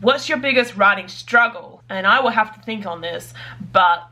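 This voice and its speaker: A woman with a bright, sharp-edged voice talks casually to her camera about her writing. She is chatty and bubbly and scatters "like" through her sentences. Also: mid-range voice, normal speed. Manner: chatty and bubbly, full of "like" fillers. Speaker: writer vlogger.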